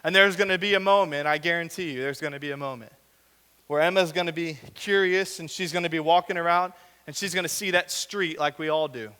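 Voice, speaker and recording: Bright-voiced young pastor in a reverberant hall. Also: male voice, on the high side, steady tone, fairly quick, smooth. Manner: conversational preaching with acted asides, rhetorical questions. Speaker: young adult ministry director. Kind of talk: sermon to a young adult group. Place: church hall.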